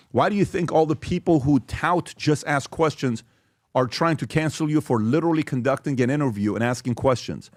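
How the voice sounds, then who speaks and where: A medium-pitched podcast host emphatically talks through social media posts and questions on his show, regularly checking in with "okay?" There's no room sound, just clean studio audio.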